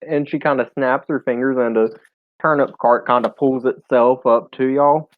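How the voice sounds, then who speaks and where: A man's voice: mid-range voice, fairly even intonation, normal speed, dry recording. Man narrating a tabletop game. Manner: casual, hesitant with many fillers. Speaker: game master. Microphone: online voice call. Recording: tinny phone-like line, dry.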